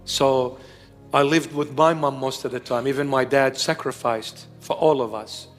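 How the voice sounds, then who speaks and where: A man's voice: medium pitch, steady tone, moderate pace, in a large hall, faint music behind. A man in his fifties delivering an emphatic sermon, repeating his key phrases. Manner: emphatic, repetitive preaching. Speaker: preacher.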